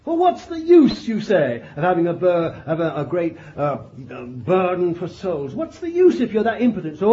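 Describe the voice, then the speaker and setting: An older man preaching a fervent sermon, swinging from loud declarations to low murmured asides and breaking in with praise. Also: very animated, normal speed, hardly any pauses. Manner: exclaims hallelujah and glory between points. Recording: dull lo-fi archive recording.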